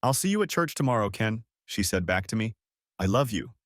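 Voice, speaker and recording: Here is a man voicing a tender, easily upset young woman about to be married. Her soft, pleading lines swing up and down in pitch. The recording is dry and close. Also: big pitch swings, brisk, no echo. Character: tearful young fiancée, emotional and soft.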